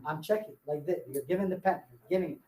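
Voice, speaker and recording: A man with a fairly high, warm voice talks fast as he coaches salespeople at a live workshop, playful and emphatic, driving his points home through repetition. He's a sales trainer speaking to an audience in a meeting room, and the recording carries a noticeable echo.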